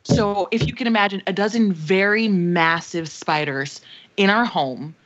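A woman's voice: mid-range voice, measured pace. A young adult woman co-hosting a podcast, telling a dramatic, profane story in casual chat. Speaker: podcast co-host. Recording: slightly dull lo-fi sound.

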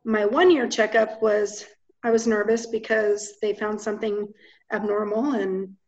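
A woman's voice: mid-range voice, fairly even intonation, a little slow, a little mellow. Woman recounting events steadily, lo-fi. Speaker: guest. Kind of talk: personal account in an interview. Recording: dull lo-fi audio.

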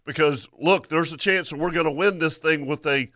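A man co-hosting a casual talk show, excitable, tripping over and repeating his words. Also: on the high side, fairly quick, dry recording, clean studio sound. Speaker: radio show co-host. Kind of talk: casual banter among friends.

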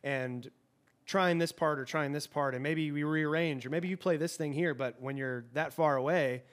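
A musician and producer chatting in an interview, talkative and thoughtful. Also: male voice, fairly high pitch, normal speed. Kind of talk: casual interview chat.

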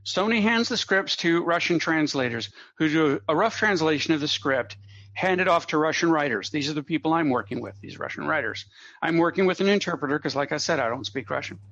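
A man with a slightly raised voice spins a long anecdote as a podcast guest, a lively raconteur full of asides and small laughs. His audio is dry and close with no room around it, and it sounds a little dull and lo-fi. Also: on the high side, a little fast, no room sound. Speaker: guest comedy writer. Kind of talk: anecdotal storytelling in a podcast interview.

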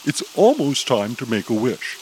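A man voicing an excitable, nervous male superhero who pleads urgently in a raised voice. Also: mid-range voice, moderate pace, slight background noise, lightly acted, rough recording.

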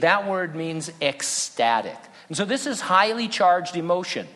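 A man's voice: a little high, bright, forceful tone. A male pastor preaching an earnest, conversational sermon with touches of humor. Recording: long reverb in a hall.

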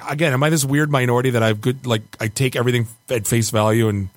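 An easygoing man chats on a podcast, laughing often and talking things over loosely. His voice sits in a middle pitch, recorded close and dry. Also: steady tone, fast, no room sound. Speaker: podcast co-host. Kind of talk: casual chat.

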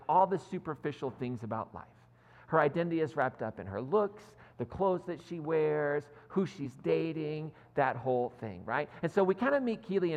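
Lively male pastor in a reverberant church. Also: fairly high pitch, dull audio. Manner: animated storytelling, self-deprecating asides. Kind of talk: sermon. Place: church sanctuary. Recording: long hall reverb.

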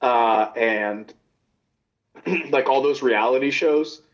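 A man's voice: mid-range voice, takes it slowly. A man in casual chat as a podcast co-host, spinning playful rambling theories. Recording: dull lo-fi sound.

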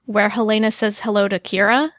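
A woman co-hosting a podcast in casual chat, animated and quick to laugh. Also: medium pitch, no echo, clean studio sound. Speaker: podcast co-host.

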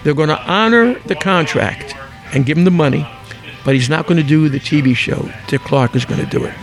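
An older guest from Philadelphia tells stories fast in an interview, his voice slightly high, with soft music playing behind him. A lively raconteur, he acts out quotes and rattles off names.

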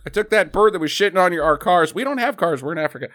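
A man's voice: on the high side, sing-song, fast talker, few pauses, a bit bright. Laughing, profane man recapping a movie. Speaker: podcast host. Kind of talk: casual movie recap chat.

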